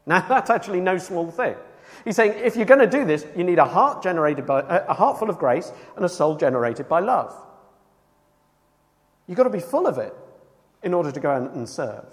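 A man preaching a sermon, emphatic and earnest, moving between loud cries and hushed tones. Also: sits high, sing-song, normal speed, long reverb tail.

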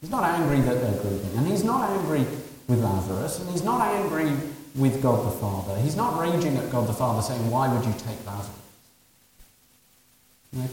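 Male preacher, warm mellow tone, rhetorical, quiet-to-loud; distant mic, faint hiss. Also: medium pitch. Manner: asks rhetorical questions and swings from quiet to loud. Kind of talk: sermon. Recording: echoey hall from far off, faint hiss.

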